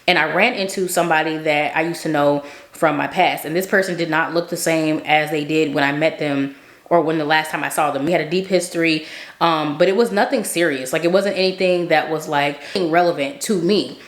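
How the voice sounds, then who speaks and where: A woman's voice: sits low, steady tone, a little fast. A young adult woman vlogger telling a story casually, chatty, with lots of fillers and frequent asides of "right?". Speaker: faith vlogger. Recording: roomy echoey room.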